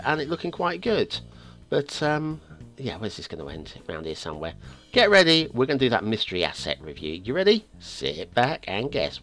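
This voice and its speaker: Chatty man reviewing game maps. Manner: chatty and rambling, with frequent restarts and stammers; lively, swinging pitch. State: voice going hoarse. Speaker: game map reviewer, show host. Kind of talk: casual video game commentary. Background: faint background music.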